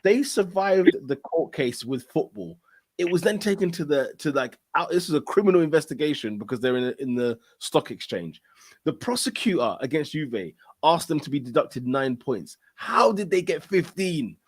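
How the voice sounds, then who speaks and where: A slightly high-voiced man holds forth on a football podcast, excitable and emphatic, with "bro" dropped into every other sentence. The sound is close and dry, with no room around him. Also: normal speed, dry recording. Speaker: podcast co-host. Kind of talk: casual football banter.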